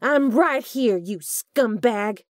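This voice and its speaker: A woman's voice: high-pitched, fairly even intonation, unhurried, dark tone, breathy edge, dry recording, studio quality, voice pushed up, exaggerated voice. A woman voicing a young female country singer who speaks urgently in a raised voice. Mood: furious.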